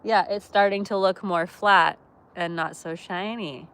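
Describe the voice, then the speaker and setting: A woman hosting a casual livestream from her camper van, chatty and quick to laugh as she talks with viewers. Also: mid-range voice, fairly even intonation, a bit bright. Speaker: livestream host. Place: camper van by a wood stove.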